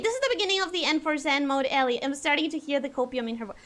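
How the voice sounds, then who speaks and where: A woman's voice: high-pitched, lively intonation, fast, few pauses, heavy background noise. A woman streaming a game live, chatty and self-deprecating, reading out chat messages and answering them. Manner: chatty, reads chat messages aloud and replies. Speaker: virtual streamer.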